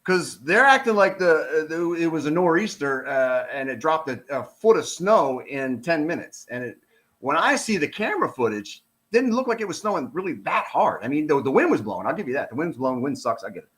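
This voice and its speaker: A man's voice: on the high side, sing-song, a little fast, a bit bright. A middle-aged man, a retired police officer, gives casual commentary on a released document. He talks in an exasperated, sarcastic, rambling way.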